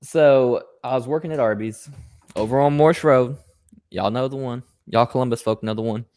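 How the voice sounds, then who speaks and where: A podcast host tells a long story in a casual chat, animatedly voicing every character on both sides and swearing plenty. His mid-range voice moves at a moderate pace, and there's no room sound.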